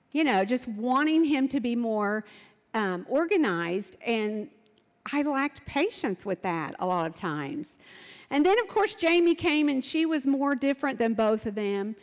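A middle-aged woman telling parenting stories in an animated way, acting out what her children said. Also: high voice, in a large hall. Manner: animated, acts out quotes of her kids. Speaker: speaker sharing parenting stories. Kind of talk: storytelling talk.

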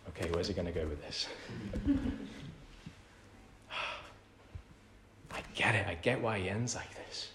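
A man's voice: mid-range voice, sing-song, normal speed, pauses often. Man preaching in an echoey church. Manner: conversational preaching, repeats key phrases, swings from hushed to loud. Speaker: pastor. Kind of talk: sermon. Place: church hall.

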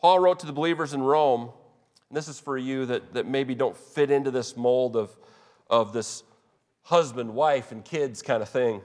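A man's voice: medium pitch, normal speed, darkish tone. Male pastor preaching, earnest, keeps restarting lines, long echo from the church hall. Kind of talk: sermon. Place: church sanctuary.

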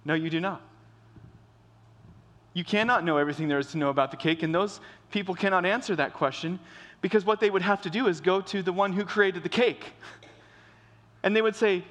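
A man delivers a sermon in a relaxed, conversational way, often stumbling, restarting and doubling words as he talks. His voice sits a bit higher than most men's. The sound carries a long reverb, as in a large church. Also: fairly quick, pauses often. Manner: conversational preaching with restarts and repetition. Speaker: pastor.

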